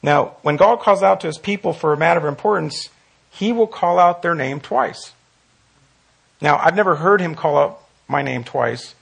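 A pastor leading a Bible study teaches earnestly, reading scripture aloud and repeating phrases for emphasis. His voice is a little high, gravelly, and husky, at normal speed.

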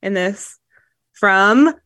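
A woman's voice: mid-range voice, lively intonation, drawn-out words, a bit bright, no echo. A woman co-hosting a podcast in casual chat, rambling with lots of fillers and laughs. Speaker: podcast co-host.

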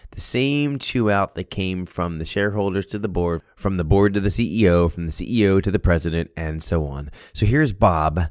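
A middle-aged man telling a workplace story in a casual, animated way. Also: low voice, normal speed, hardly any pauses, no echo, studio quality. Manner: animated storyteller, lively voice shifts. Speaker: speaker, cleaning business owner.

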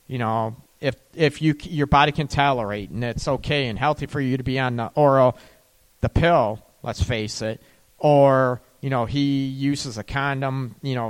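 A man's voice: medium pitch, clean tone. A middle-aged man giving casual, rambling relationship and sex advice, now and then acting out worried voices.

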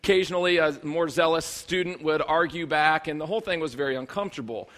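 Conversational pastor with a higher voice. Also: male voice, quick pace, a bit bright. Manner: conversational and humorous, with rising emphatic bursts. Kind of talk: sermon.

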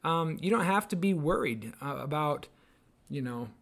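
Man, podcast co-host, earnest casual storyteller, slightly raised pitch. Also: lively intonation, normal speed, vocal fry, fairly bright tone. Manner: earnest storytelling, acts out quoted voices. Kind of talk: casual devotional chat.

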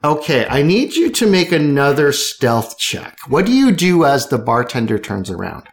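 A man's voice: medium pitch, sing-song, moderate pace. Rambling man running a tabletop game. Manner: rambling, with many fillers and restarts. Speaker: game master.

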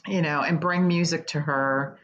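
A woman's voice: low voice, steady tone, normal speed, a bit bright, highs cut off. A middle-aged woman with a Midwestern American accent, talking candidly and earnestly as an interview guest about her work. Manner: candid, earnest, tearful at times. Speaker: executive director of a concert pavilion, guest. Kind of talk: emotional interview conversation.

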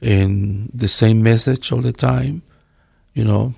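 Man in his 60s, Guatemalan Spanish accent, native Spanish speaker, pastor recounting his life, halting and earnest, low gravelly voice, dark tone, dry close sound. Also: steady tone, dry recording. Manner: halting, earnest, with many restarts and learner's grammar. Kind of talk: telling his life story in an interview.

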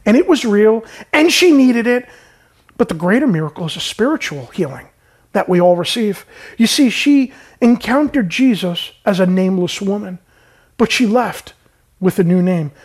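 Pastor, sermon, husky voice, mid pitch, urgent, repeats lines, calls on listeners. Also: expressive, moderate pace, a little mellow. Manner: urgent, repetitive preaching, calling on listeners.

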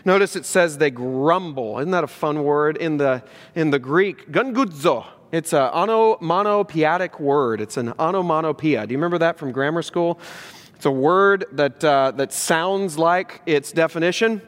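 A male pastor preaching a sermon, lively and emphatic, asking rhetorical questions and dropping low and earnest for serious points. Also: moderate pace. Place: church sanctuary. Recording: long hall reverb in a church.

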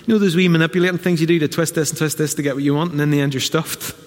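A man preaching a conversational sermon, often slipping into quick quoted asides. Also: on the high side, steady tone, in a large hall. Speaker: pastor.

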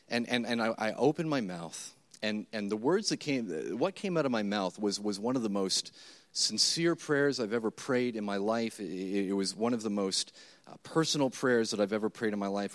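Male pastor, 30s, conversational sermon delivery, acts out inner thoughts, average pitch. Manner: conversational, repeats words, acts out his own inner voice. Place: church service before a congregation.

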